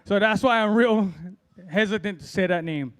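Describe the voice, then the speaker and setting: Sitting high and moving at normal speed, the voice belongs to a middle-aged man from Hawaii trying stand-up at an open mic. He rambles, pokes fun at himself, and keeps his delivery loose and filler-heavy.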